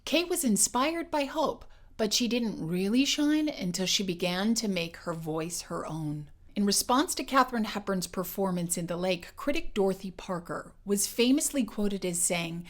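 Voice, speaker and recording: A woman voice coach giving a scripted educational narration in a clear, measured and emphatic way. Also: mid-range voice.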